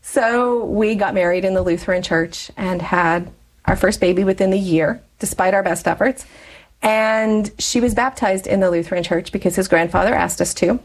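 Woman, 40s, interview guest; chatty storyteller, laughs a lot, mid-pitched. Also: normal speed, rough recording. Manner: chatty, laughs often between phrases. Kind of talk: personal storytelling in conversation.

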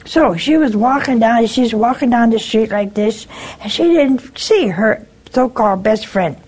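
A nun hosts a call-in show, speaking unhurriedly in a slightly high, animated, husky voice with a darkish tone. She tells callers folksy stories about forgiveness in a casual spiritual chat, performing the different voices.

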